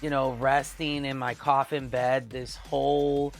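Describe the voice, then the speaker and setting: A man hosting his own live-stream show, chatting casually with a husky, raspy voice that is hoarse from a flu, rambling with many fillers and frequent laughs. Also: mid-range voice, little pitch movement, unhurried. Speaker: VTuber show host.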